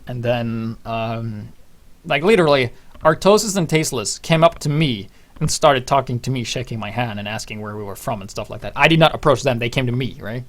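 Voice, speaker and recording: Young male vlogger, rambling, animated, swears freely. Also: mid-range voice, a little fast. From Norway. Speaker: channel host. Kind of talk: casual personal storytelling.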